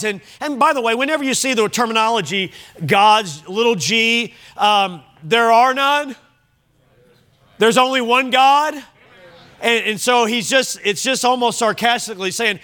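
A man's voice: high voice, expressive, moderate pace, bright, forceful tone. A man preaching an earnest sermon as pastor, quoting scripture in old-fashioned wording. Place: church sanctuary.

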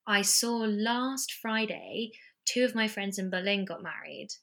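Bright-voiced English woman chatting. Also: mid-range voice, unhurried, gravelly. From England. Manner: chatty, animated storytelling with many fillers. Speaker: actor and podcast guest. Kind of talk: casual chat. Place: home in London.

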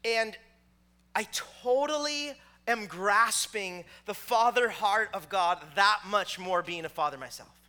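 A male pastor in his thirties preaches with a notably high, ringing voice. His delivery is chatty and anecdotal, full of casual filler words. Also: a little slow, bright, forceful tone, smooth. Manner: conversational storytelling with many filler words. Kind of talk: sermon.

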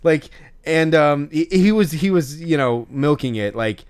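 A man's voice: fairly high pitch, lively intonation, a little slow, clean tone. A man co-hosting a podcast in casual chat, telling stories in a laid-back, rambling way. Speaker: podcast co-host.

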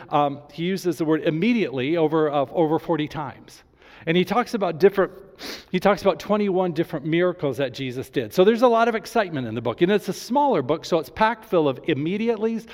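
A man's voice: sits high, darkish tone, big-room sound. A male pastor preaching a sermon with enthusiasm, reading scripture aloud to his congregation.

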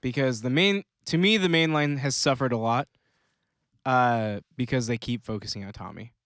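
A man co-hosting a casual podcast chat about comics news, joking and chatty with quick asides. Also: medium pitch, fairly bright tone, no echo, studio quality. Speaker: podcast co-host.

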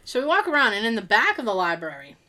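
Woman podcast co-host, bright tone, lively storyteller who quotes people. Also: a little high, fast talker. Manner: animated, laughing, acts out quotes. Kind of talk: casual storytelling chat.

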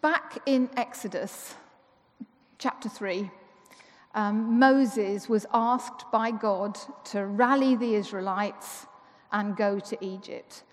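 Slow-talking woman preaching. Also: medium pitch. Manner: chatty and playful, asks rhetorical questions. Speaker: church member giving the talk. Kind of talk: conversational sermon. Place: church with a congregation. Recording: long reverb of a church hall.

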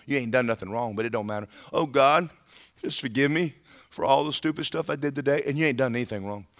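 A self-pitying churchgoer, played by a preacher whining his prayers in a low, soft voice. He begs and pleads. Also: fast talker, lightly acted. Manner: whiny, pleading.

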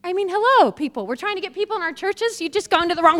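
A woman preaching a sermon, telling personal stories in a lively way and laughing often. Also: very high-pitched, fast talker. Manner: lively storytelling, laughs often, acts out quoted voices. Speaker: guest preacher.

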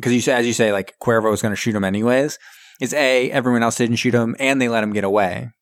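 A man's voice: mid-range voice, fast, no echo. Guy on a podcast retelling a movie plot, laughs a bunch, plain mid voice, dry mic. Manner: laughing, animated retelling with acted-out quotes. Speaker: podcast co-host. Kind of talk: casual movie recap chat.

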